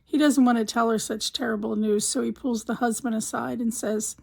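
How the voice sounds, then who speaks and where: Gravelly husky lady host telling joke after joke, kinda high voice. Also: steady tone, a little fast, few pauses, darkish tone, poor audio. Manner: storytelling with punchline delivery. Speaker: joke teller, channel host. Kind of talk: scripted joke countdown narration.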